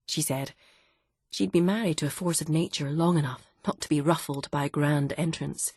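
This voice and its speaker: A woman reads a novel aloud in a measured, even storytelling style. Her voice is husky and fairly low, and the dry, close recording has no room sound. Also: no room sound. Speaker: audiobook narrator. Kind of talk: scripted narration.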